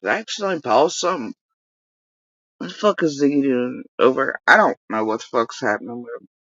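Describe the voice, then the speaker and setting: A woman's voice: a bass voice, a little fast, no room sound, lo-fi sound. A woman hosting a livestream, talking casually and cursing as she mocks someone. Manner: profane, mocking rants. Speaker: livestream host.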